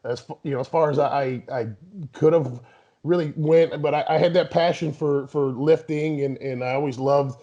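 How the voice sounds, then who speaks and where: A man's voice: on the high side, fairly even intonation, normal speed, dark tone. Guy in his 30s rambling thru an interview, lots of "you know", kinda dull lo-fi sound. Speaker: guest bodybuilder. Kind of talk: casual interview talk.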